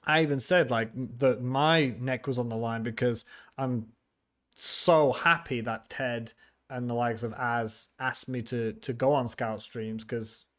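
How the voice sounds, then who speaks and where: A man's voice: medium pitch, steady tone, unhurried, fairly bright tone. Casual male streamer, mid-range voice, banters with chat and restarts his sentences. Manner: chatty, teasing, laughs often, frequent restarts. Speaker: livestream host. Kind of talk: casual livestream chat reading viewer comments.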